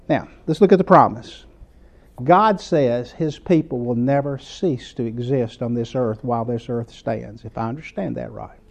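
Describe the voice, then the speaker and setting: A man's voice: mid-range voice, moderate pace, vocal fry, darkish tone, lo-fi sound. A man with a Southern US accent preaching a sermon in an earnest, conversational way, building to emphatic points.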